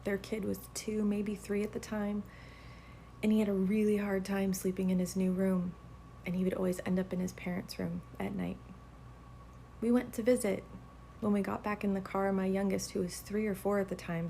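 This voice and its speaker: A woman telling a story about her child in a matter-of-fact, steady way. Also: mid-range voice, normal speed, vocal fry, a little hiss or hum. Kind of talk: casual storytelling.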